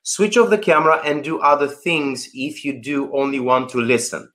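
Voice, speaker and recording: Man on a video call giving presenting tips, really bright tense voice, acts stuff out, emphatic. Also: mid-range voice, normal speed. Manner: animated, emphatic, acts out anecdotes. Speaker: guest, presentation coach. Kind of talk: conversational interview over video call.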